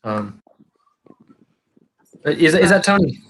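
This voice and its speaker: A man with a Californian accent hosts a livestream chat, rambling along with lots of restarts and casual swearing. His voice runs on the high side with big swings in pitch, and he takes his time. He's from California, USA.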